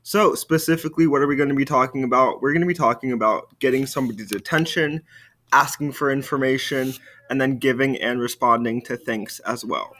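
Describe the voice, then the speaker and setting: Male teacher voice, video lesson: steady explaining, slow drilled French phrases to repeat. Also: mid-range voice. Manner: upbeat classroom explaining.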